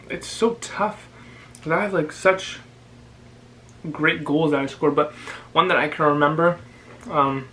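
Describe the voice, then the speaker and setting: Young guy vlogging while he eats, slightly high voice, faint hum behind. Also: low-quality recording. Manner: relaxed, chatty, with pauses to chew. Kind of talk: casual chat while eating.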